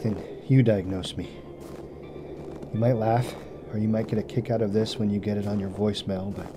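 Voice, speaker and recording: A man's voice: on the low side, mellow, a little hiss or hum, natural voice. An actor playing a frightened male psychologist lost on a hunt in the woods, stammering nervously as he talks himself down. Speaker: hunter. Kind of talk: audio drama acting.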